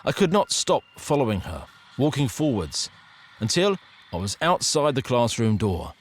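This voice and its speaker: A man's voice: mid-range voice, moderate pace, slight background noise. Man narrating a spooky story expressively. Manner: expressive, suspenseful. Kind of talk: scripted first-person story narration.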